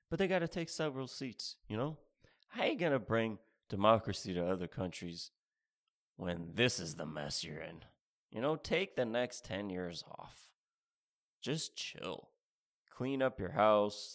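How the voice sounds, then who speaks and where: A man's voice: on the low side, animated, unhurried, fairly bright tone. A man doing a rambling, sarcastic stand-up routine, spelling out mock instructions and repeating his phrases. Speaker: stand-up comedian.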